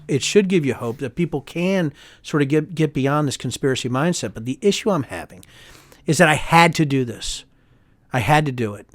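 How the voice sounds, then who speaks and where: His voice sits on the high side, captured at studio quality with no room sound. The middle-aged man, a congressman and author, is an interview guest who argues heatedly and emphatically, imitates the voices of those he quotes, and keeps adding "right?" in animated talk.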